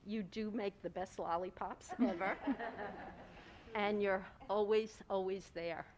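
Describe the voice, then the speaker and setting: A woman's voice: medium pitch, fairly even intonation, a little slow, background noise. A woman speaking as a town councilwoman at a board meeting, giving a heartfelt, personal tribute, laughing often and close to tears. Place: school board meeting room.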